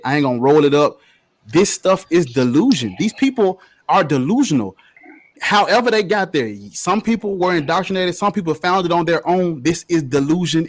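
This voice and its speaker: Husky guy with a high voice ranting, cussing, swinging up and down a lot, debate style. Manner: profane, emphatic, preachy. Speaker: debate panelist. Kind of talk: heated debate argument.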